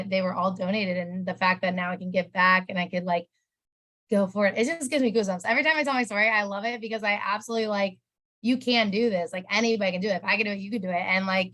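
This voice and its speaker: This interview guest, a sales promoter, talks through her personal story in a rambling, casual, emotional manner full of "like." Her mid-range voice is a bit bright and steady in tone, and her pace is quick.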